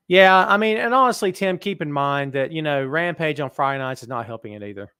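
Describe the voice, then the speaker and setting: Lively male host reading live chat. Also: fairly high pitch, a little fast, hardly any pauses, clear, resonant tone, no echo, clean studio sound. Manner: animated, self-mocking, talks straight to viewers. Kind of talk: live-stream chat reading viewer comments.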